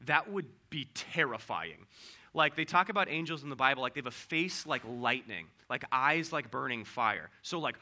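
A man's voice: mid-range voice, animated, moderate pace, sharp tone. A man giving a casual youth sermon, chatty, with many fillers and tag questions.

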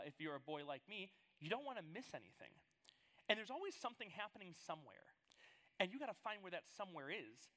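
A man who is a youth pastor, preaching a casual, animated sermon to students and telling stories in a playful way. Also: high voice.

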